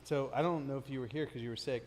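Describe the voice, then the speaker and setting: A man's voice: medium pitch, steady tone, fast, a little mellow. A man co-hosting a podcast in casual chat, telling stories with plenty of laughter. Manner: laughing storyteller, quotes others in voices. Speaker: podcast co-host. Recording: long hall reverb, faint background noise.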